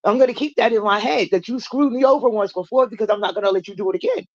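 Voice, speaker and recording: A woman's voice: racing, no room sound, highs cut off. A woman telling her own recovery story in a casual livestream chat, blunt and profane, acting out the people she quotes. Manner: animated, acts out quoted people in raised pitch, blunt and profane.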